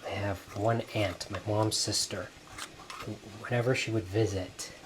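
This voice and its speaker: A man hosting a cooking video in a home kitchen, gently narrating each step as he works. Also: on the low side, steady tone, unhurried, background noise. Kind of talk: cooking demonstration.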